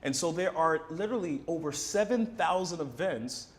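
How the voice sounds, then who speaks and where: A man's voice: a little high, expressive, moderate pace. A man hosting a live charity broadcast, enthusiastic and promotional. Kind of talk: upbeat live-stream hosting. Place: broadcast set in Philadelphia.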